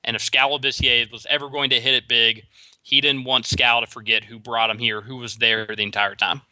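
Male sports talk host, opinionated and quick, stumbling over restarts, crisp dry booth sound. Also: mid-range voice, level tone, pushed and bright, no echo. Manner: opinionated, rapid with frequent restarts. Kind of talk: solo sports talk commentary.

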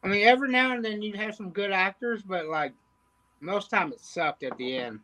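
A man chats casually on a podcast with a relaxed, profane manner. His voice is notably high for a man. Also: moderate pace, slight background noise. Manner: laid-back, swearing, storytelling. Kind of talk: casual chat.

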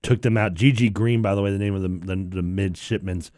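A man's voice: lowish voice, steady tone, fairly quick, a little mellow, no echo, studio quality. A man hosting afternoon sports talk radio, chatty, laughing often and telling stories. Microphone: studio microphone.

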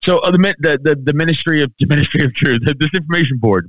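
Profane, ranting man, fairly high voice. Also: fast, few pauses, dry recording, lo-fi sound. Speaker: guest, comedian. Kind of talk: podcast interview.

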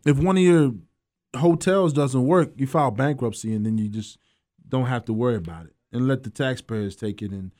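Sports radio host, male, mid-pitched, loose and jokey. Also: moderate pace, mellow. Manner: loose, joking, laughs often, trails off mid-sentence. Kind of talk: casual sports talk radio banter.

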